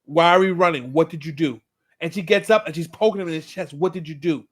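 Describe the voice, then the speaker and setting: This man speaks fast in a slightly high voice. As a podcast co-host, he recounts a TV episode with lively energy during a casual conversation, acting out what the characters said.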